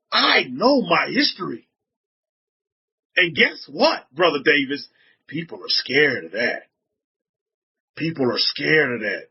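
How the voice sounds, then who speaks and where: Husky high-voiced Southern US man. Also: highs cut off. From Southern United States. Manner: repetitive, restarts a lot, fires rhetorical questions at listeners. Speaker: religious teacher addressing a group. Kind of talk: informal religious talk.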